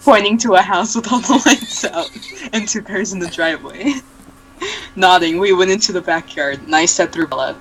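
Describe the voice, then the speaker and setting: Slow, giggly young woman reading aloud. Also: lowish voice, animated, fairly bright tone, a little hiss or hum, poor audio. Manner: reads slowly, breaks into giggles and sarcastic asides. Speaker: reader. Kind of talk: mocking fanfic read-aloud.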